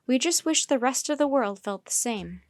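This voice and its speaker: A woman's voice: sits high, lively intonation, normal speed, no room sound. Storybook reserve worker man, earnest, caring, as a woman reads him, dry close sound.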